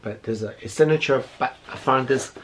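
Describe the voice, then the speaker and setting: Against a noisy background, a middle-aged beauty vlogger unboxes gifts in casual chat, speaking fairly quickly at medium pitch. He's a little out of breath and effusive, gushing and going over the same points again.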